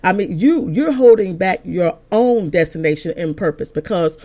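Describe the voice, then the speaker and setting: A woman's voice: fairly low pitch, expressive, normal speed, warm tone. An older woman, an apostle and pastor, preaching a sermon as a personal story, talking conversationally with frequent restarts and building to emphatic points. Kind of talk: sermon told as personal testimony.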